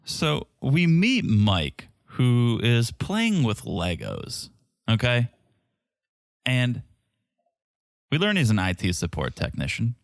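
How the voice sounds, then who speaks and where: A man's voice: medium pitch, wildly swooping pitch, slow pace, vocal fry, pauses often, no room sound, studio quality. A man co-hosting a podcast, recapping a reality show in casual, chatty talk and laughing often. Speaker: podcast co-host.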